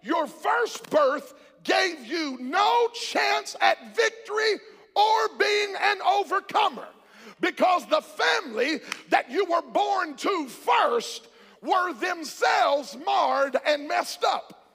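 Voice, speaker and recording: A male pastor preaching a sermon, shouting in a rhythmic call-and-response style, in a large church hall. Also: very high-pitched, animated, slow. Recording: long hall reverb.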